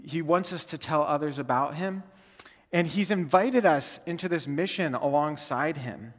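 A man's voice: on the high side, moderate pace, long reverb tail. A young adult man giving a sermon as a guest speaker, earnest and conversational, often checking in with "right?" and restarting his sentences. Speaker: guest speaker, campus ministry team leader. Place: church sanctuary.

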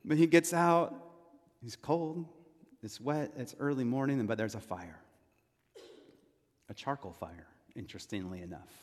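A man's voice: medium pitch, a little slow, pauses often. A man from California preaching a sermon as pastor, telling it conversationally with asides and questions to the congregation. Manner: conversational storytelling with frequent asides and rhetorical questions. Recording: long reverb of a large hall.

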